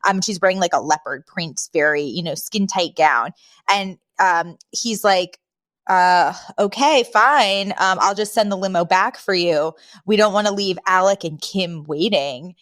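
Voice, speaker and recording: A woman co-hosting a podcast, casually retelling scenes and jumping into higher voices for the quotes. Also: moderate pace, fairly bright tone, no room sound. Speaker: podcast co-host. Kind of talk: casual recap chat.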